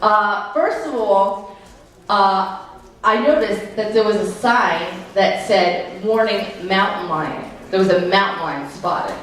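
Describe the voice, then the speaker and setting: A woman's voice: mid-range voice, slow. Brash New woman doing stand-up. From New York. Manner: brash, confiding, self-mocking. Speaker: stand-up comedian. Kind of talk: live stand-up comedy. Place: comedy club stage. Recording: echoey live room, mic at a distance. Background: audience laughter.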